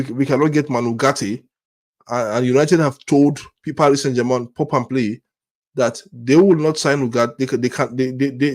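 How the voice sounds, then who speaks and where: A man with a medium-pitched, somewhat dark voice hosts a football fan channel and rants to camera in frustration. He keeps repeating himself, stammering and restarting, and throws out exasperated rhetorical questions, sounding angry and let down.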